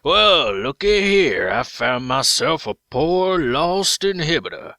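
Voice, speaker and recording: A man's voice: a little high, big pitch swings, slow, creaky, pushed and bright, no room sound, clean studio sound, voice pushed down, exaggerated voice. A man voicing a menacing game champion in a put-on Southern drawl. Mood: gloating. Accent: put-on American Southern.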